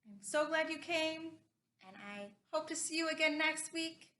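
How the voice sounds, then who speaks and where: Animated woman librarian at story time. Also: high voice, normal speed. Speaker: children's librarian. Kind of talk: children's story time reading. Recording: roomy echo.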